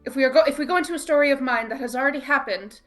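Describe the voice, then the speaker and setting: A woman's voice: sits high, racing, faint music behind. A woman playing a tabletop game, playful and giggly, switching between acting and describing. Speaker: player. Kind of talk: tabletop role-play, in and out of character.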